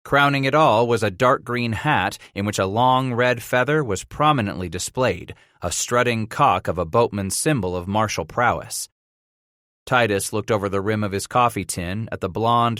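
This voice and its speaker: A man narrating a western audiobook in a measured storytelling manner. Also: on the low side, fairly bright tone, no room sound, studio quality. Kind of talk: scripted narration of a western novel.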